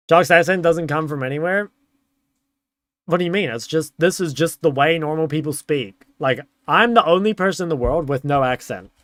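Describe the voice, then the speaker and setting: A man's voice: on the high side, a bit bright, dry recording. A young man streaming, chatting casually and answering chat in a laid-back way.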